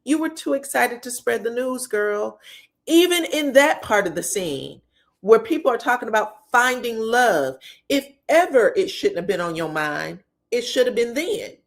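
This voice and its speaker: A woman recapping a reality TV episode, talking candidly and straight to the cast, slangy and quick to swear. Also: on the high side, vocal fry. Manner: slangy and expressive. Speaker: reality TV commentator.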